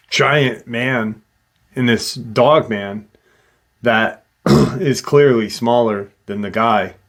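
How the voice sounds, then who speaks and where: Man, middle-aged, slow halting storyteller, casual retelling, lots of fillers. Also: on the low side. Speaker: host retelling a witness account.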